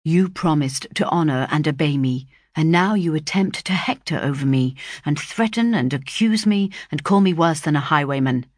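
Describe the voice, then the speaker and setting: A woman reading the part of a sulky, defiant young gentleman who turns indignant, muttering some lines. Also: low-pitched, moderate pace, hardly any pauses, dry recording, studio quality.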